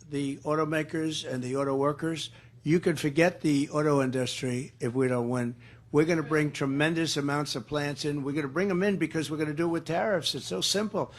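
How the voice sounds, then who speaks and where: An older man giving rambling, boastful off-the-cuff campaign remarks in a crowded room, repeating his phrases. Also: fairly high pitch. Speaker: campaigning politician. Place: large indoor room with a crowd. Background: crowd noise.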